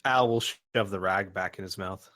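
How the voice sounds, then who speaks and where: Lower-pitched man playing a tabletop game. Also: moderate pace, pushed and bright, no echo. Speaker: player. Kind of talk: tabletop role-play.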